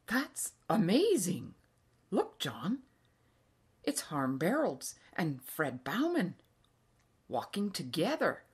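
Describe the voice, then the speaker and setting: Brisk warm dad in a storybook, loud and lively, read by a woman, unhurried. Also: on the low side, slightly rough, heavily acted. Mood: amazed. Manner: exclaiming, raised voice. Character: Dutch father, middle-aged, brisk and warm.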